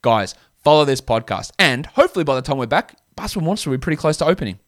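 A man's voice: fairly high pitch, animated, racing, fairly bright tone, dry recording, clean studio sound. A young man hosting a solo fantasy basketball podcast, talking bluntly and casually with slang while he rattles off stats.

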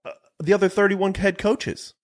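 A man co-hosting a sports podcast, talking in an animated, bantering way. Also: high voice, normal speed. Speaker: podcast co-host. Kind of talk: casual sports chat.

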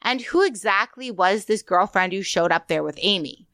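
A woman co-hosting a true crime podcast, reading prepared notes in a measured, skeptical way. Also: medium pitch, animated, sharp tone, no room sound. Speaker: podcast co-host.

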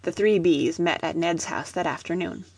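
A woman reading a children's storybook aloud in a gentle, even storytelling manner. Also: fairly low pitch, normal speed, husky, no echo. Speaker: audiobook reader.

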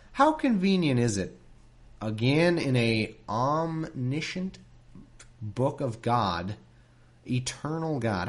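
Sarcastic man with a lively voice. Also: medium pitch. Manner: sarcastic, irreverent. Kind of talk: reading scripture aloud with commentary.

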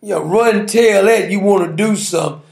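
High, gravelly man ranting. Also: normal speed, darkish tone, reverberant. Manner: brash, mocking, repetitive. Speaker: talk show host. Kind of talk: political commentary rant.

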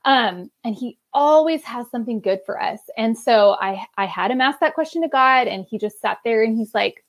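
Animated woman telling family stories. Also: fairly high pitch, moderate pace, hardly any pauses. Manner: animated storyteller, lively quoted voices. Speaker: guest author. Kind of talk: conversational podcast interview.

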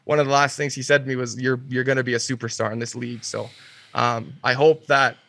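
An earnest man reflects in a relaxed conversation, often pausing and searching for words. His voice is bright and fairly flat in pitch. The sound is dry and close. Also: creaky, dry recording. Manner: earnest, reflective, halting with fillers. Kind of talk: casual chat.

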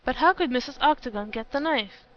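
A stern, uneasy old lord from a storybook who speaks in curt, doubting remarks, as a woman narrator reads him. The voice stays fairly high. The recording sounds dull and lo-fi. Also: brisk, natural voice.

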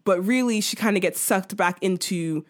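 A woman talking through a TV episode in relaxed conversation. She rambles along with plenty of fillers and small laughs, at a middle pitch. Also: normal speed. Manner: chatty, many fillers, laughs while talking. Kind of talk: casual chat recapping a TV episode.

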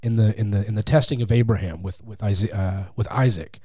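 A man speaking as a guest in a casual interview, animated and acting out quotes in different voices, on a close studio mic. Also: fairly low pitch, fairly quick, husky, no room sound. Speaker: podcast guest, atheist comedian.

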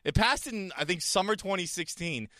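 Male co-host, lively and swooping, dry close sound, giggly crude rants. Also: high-pitched, moderate pace, no echo. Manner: laughs a lot, animated, crude jokey rants. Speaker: podcast co-host. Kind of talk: casual chat.

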